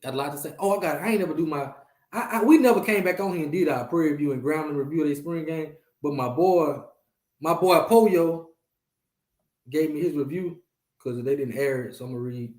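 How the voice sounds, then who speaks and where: A man hosts a casual livestream, talking straight to his viewers and circling back over the same points. His voice sits a little high for a man, and the room around him rings with echo. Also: fairly quick. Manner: animated, repetitive, talks to viewers and chat. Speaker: host.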